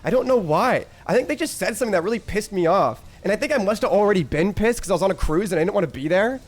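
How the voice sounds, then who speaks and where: A man's voice: high voice, lively intonation, fast. A man streaming live, telling a rambling story to his chat, swearing freely and often breaking into laughter.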